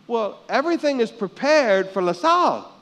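A man from the Philippines delivers a sermon in a notably high voice. He drops to near-whispers, then builds to loud declarations. He keeps prompting the congregation to say lines back to him. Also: sing-song, normal speed. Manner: dynamic preaching, swinging from hushed to loud; calls out for congregation responses. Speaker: pastor.

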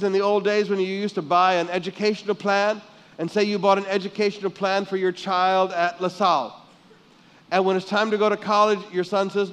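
High-voiced man preaching a dynamic sermon. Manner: dynamic preaching, swinging from hushed to loud; calls out for congregation responses. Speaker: pastor.

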